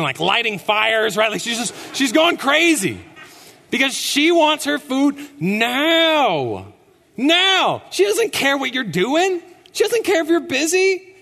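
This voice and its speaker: A man's voice: very high voice, creaky. A young man preaching a sermon in a church, emphatic and conversational, often asking "right?". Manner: animated, emphatic, rhetorical "right?". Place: church sanctuary. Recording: long church reverb.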